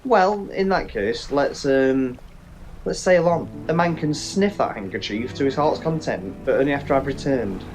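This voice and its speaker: Faint music plays behind a mid-range voice speaking at normal speed. It's a let's play host delivering casual, jokey gameplay commentary, animated and full of swearing and joking asides.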